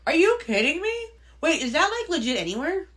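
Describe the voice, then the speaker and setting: A woman's voice: high voice, very animated, fairly quick, fairly bright tone. A woman co-hosting a podcast in casual chat, reacting with exclamations and joking asides. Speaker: podcast co-host.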